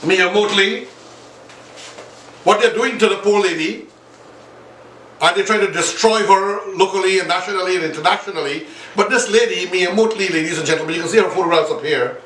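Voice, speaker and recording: An impassioned man delivers political commentary, turning again and again to his viewers. His voice is high and bright. He sounds set back from the mic in an echoey room. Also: recorded from a distance, a little hiss or hum. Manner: repetitive, appealing directly to viewers. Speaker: online show host.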